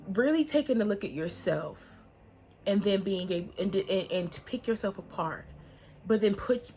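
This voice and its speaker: A young woman, talking to her viewers in a casual, heartfelt vlog and laughing often. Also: lowish voice. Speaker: vlogger.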